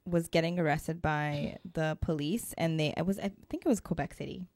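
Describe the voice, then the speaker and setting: Low-voiced young woman joking on a podcast. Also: moderate pace, no echo, studio quality. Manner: relaxed, joking. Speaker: podcast host. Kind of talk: casual chat. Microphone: studio microphone.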